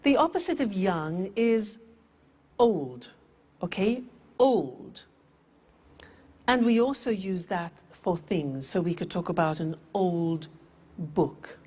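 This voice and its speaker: A woman teaching English vocabulary in a scripted lesson, speaking deliberately and repeating words for pronunciation. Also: lowish voice, animated, darkish tone, breathy edge.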